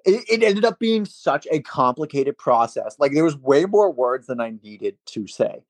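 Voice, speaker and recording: A man's voice: a little high, big pitch swings, moderate pace, no room sound. A young man from Massachusetts, a podcast co-host telling stories in casual chat with lots of laughter and swearing. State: day drinking.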